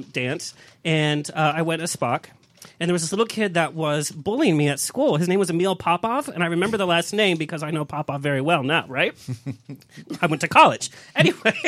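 A man hosting a casual talk show, chatty and animated, telling stories with laughter. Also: a little high, no echo. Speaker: show host. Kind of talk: casual chat show banter.

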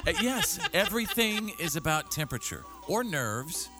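A male radio host with a bouncy, lively voice, riffing through quirky stories. Music plays under him in the studio, and his delivery stays playful and chatty. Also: high-pitched, normal speed. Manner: playful, reads news items with jokey asides. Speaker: radio morning show host. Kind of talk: joking radio banter.

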